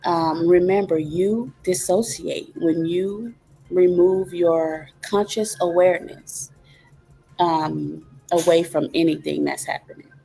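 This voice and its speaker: Woman, host, reflective wellness talk, very slow, calm teaching, rhetorical questions. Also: lowish voice, vocal fry, soft background music.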